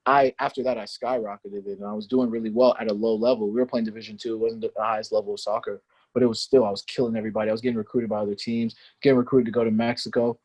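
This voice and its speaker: A man talks quickly and a little low, his husky voice tumbling through a story from his playing days. He rambles, stacking "like" and "you know" as he goes, in a relaxed interview. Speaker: podcast guest, former pro soccer player.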